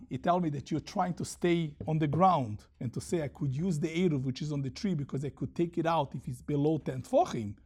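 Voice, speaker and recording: A man teaching a Talmud lesson, reading Aramaic passages and explaining them in lively English. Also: on the high side, breathy edge.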